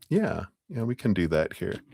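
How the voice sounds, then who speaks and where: A man giving a live tarot reading to a client, talking in a casual, gentle, rambling way with many fillers. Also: deep voice, slight background noise. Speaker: tarot reader.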